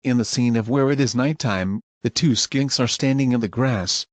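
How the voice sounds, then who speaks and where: A man narrating scripted scene recaps in a plain, even manner. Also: mid-range voice, moderate pace, no room sound.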